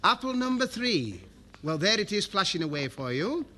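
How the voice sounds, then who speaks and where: A man's voice: high voice, very animated, moderate pace, sharp tone. A man hosting a TV game show, jokey and chummy, calling everyone love and flower. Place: TV studio with live audience. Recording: old broadcast tape with audience and hiss. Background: studio audience.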